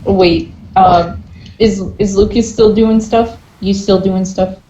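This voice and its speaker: A young woman player narrates her character's actions slowly, pausing and hunting for words. Her voice sounds roomy and lo-fi, with microphone noise. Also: medium pitch, steady tone, warm tone. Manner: hesitant, lots of fillers and laughter. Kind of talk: casual tabletop game play. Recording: roomy, dull lo-fi with mic noise.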